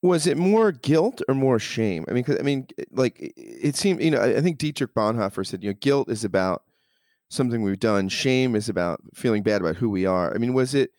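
A man's voice: mid-range voice, big pitch swings, brisk, darkish tone, no room sound, studio quality. A male interview host asking a long, searching question, stumbling and restarting his phrases.

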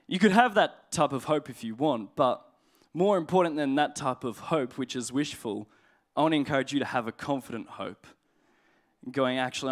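Conversational male pastor preaching. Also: medium pitch. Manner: conversational, humorous, reads scripture slowly. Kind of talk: sermon.

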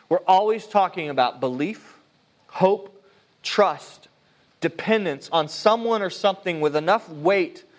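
A man preaching a sermon as pastor, earnest and conversational, often restarting his sentences. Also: high voice. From United States.

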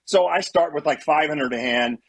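A middle-aged man, a former pitcher and guest, telling long rambling stories with lots of "you know" and restarts. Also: moderate pace, dry recording. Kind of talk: casual storytelling.

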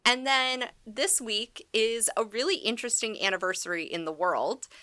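A woman's voice: on the high side, moderate pace, pushed and bright, dry recording. A woman co-hosting a podcast, chatting sarcastically, swearing and laughing often. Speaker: podcast co-host. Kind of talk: sarcastic casual chat.

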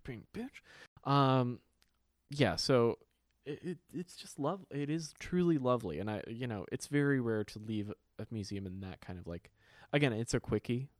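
A man co-hosting a casual podcast chat, profane and animated, slipping into quoted voices. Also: medium pitch, moderate pace, no echo, clean studio sound. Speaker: podcast co-host.

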